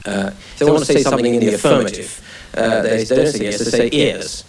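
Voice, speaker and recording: On a hot-lit TV studio stage, a man doing stand-up talks to the crowd in a rambling, self-mocking way, often restarting. He speaks quickly in a mid-range voice; the distant mic captures studio echo and a laughing audience.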